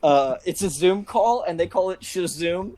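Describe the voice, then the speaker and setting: Excitable young man gushing and swearing. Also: sits high, normal speed. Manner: excitable, swears, laughs through stories. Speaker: podcast co-host. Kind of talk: casual chat.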